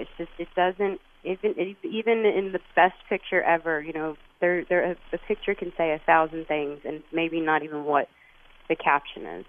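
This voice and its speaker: A woman from Texas, a guest on a phone interview, who speaks in an earnest, reflective way and often restarts her sentences. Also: lowish voice. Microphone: phone line. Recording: tinny phone line.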